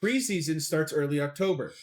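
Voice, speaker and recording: Young male podcast co-host, slightly high voice, rambling self-deprecating delivery. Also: brisk. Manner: chatty, rambling, self-deprecating about pronunciation. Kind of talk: casual sports podcast chat.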